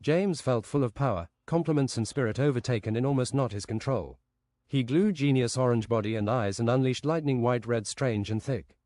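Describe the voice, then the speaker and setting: A man's voice: mid-range voice, brisk, a little mellow, no room sound. A man streaming a game while improvising a rambling, absurd fantasy story.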